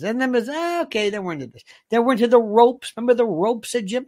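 A sarcastic commentary host tears into the subject of the rant, heaping up insults and rhetorical questions in a loose, rambling flow. The pitch sits in a middle range. The recording is dry and close, with no room sound. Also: animated, fast talker, hardly any pauses, no echo. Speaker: host reading viewer comments. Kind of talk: opinionated commentary monologue.

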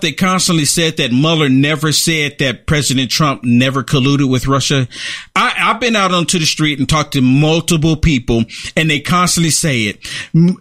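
A man's voice: a little high, a bit bright. A man hosting a political talk show, speaking emphatically and repeating phrases to drive a point home. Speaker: show host and political commentator. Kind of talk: opinionated commentary chat.

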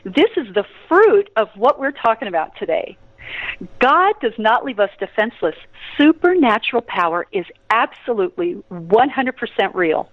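A woman's voice: fairly high pitch, big pitch swings, normal speed, no echo, highs cut off. A woman guest on a radio interview, telling stories with energy, laughing often and breaking into prayer. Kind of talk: animated interview storytelling.

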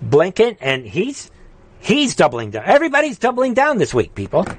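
A man hosting a live political stream, ranting and taunting, with sudden loud jumps up in pitch. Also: huge pitch swings, normal speed, a little hiss or hum. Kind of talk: heated political commentary.

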